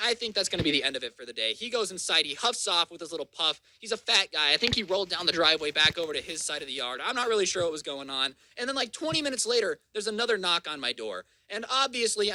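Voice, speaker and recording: Young man, twenties, high bright voice, very animated, sarcastic storytime rant. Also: no echo, poor audio. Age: 20s. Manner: sarcastic, mocking, insult-heavy. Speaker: YouTuber.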